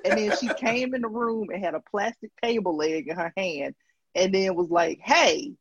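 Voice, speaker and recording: Casting: high, husky man, lively storyteller, dull dry lo-fi recording. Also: moderate pace, no room sound. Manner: animated storyteller, laughs often, acts out quotes. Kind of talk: casual conversation.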